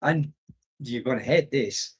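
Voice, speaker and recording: An older British expat chats casually on a livestream from his home in the Philippines, reading the live chat. His voice is medium-pitched, unhurried and slightly rough, and he rambles nostalgically while laughing often.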